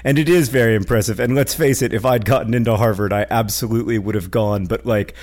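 A man's voice: fairly low pitch, fast talker, a little mellow. A man co-hosting a podcast who chats casually and reads listener questions, with a wry, self-deprecating, dryly joking manner. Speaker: podcast co-host.

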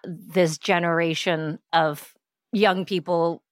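A woman's voice: lowish voice, fairly even intonation, slow pace, no room sound, studio quality. A woman co-hosting a casual chat, talking reflectively and laughing easily. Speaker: co-host.

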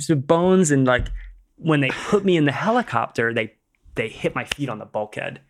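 A middle-aged man with a gravelly, creaky voice sits as a podcast guest and tells his story casually. He rambles, sprinkles in "like," and acts out what each person said. His voice sits at a middle pitch. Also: animated, moderate pace. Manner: rambling retelling, acting out quotes, many "like"s.

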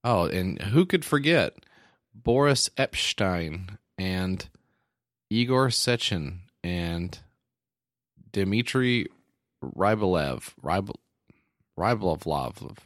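A man's voice: sits low, expressive, drawn-out words, long pauses, no echo, studio quality. A man co-hosting a podcast in loose, casual chat, full of "like" fillers and reading text aloud. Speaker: podcast co-host.

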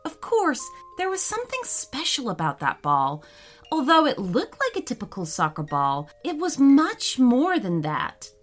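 Slow, expressive woman reading a kids' story. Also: high-pitched, faint music behind. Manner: slow, expressive read-aloud. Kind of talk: children's story narration.

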